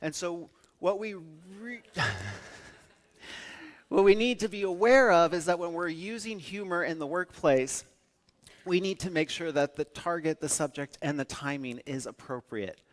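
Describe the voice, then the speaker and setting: A man giving a keynote talk, telling stories with lively acted-out quotes. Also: fairly high pitch, measured pace. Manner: animated storytelling with acted-out quotes. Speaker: public speaker.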